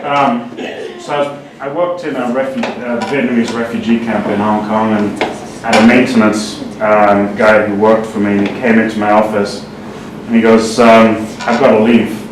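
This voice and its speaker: A man telling a personal story to a group at an unhurried pace, with frequent "um"s. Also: on the low side. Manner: steady storyteller, many ums. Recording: roomy, distant mic, faint noise.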